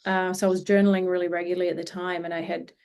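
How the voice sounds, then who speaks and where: A woman's voice: fairly low pitch, flat delivery, rapid-fire, darkish tone, clear, resonant tone. A woman, a healing practitioner guest, telling a personal story in an interview in an earnest, reflective way. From Australia.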